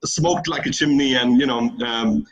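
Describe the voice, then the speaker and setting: A middle-aged man from the United Kingdom, a guest in a casual studio chat, tells a rambling story and laughs easily. His mid-range voice comes at normal speed on a low-quality recording.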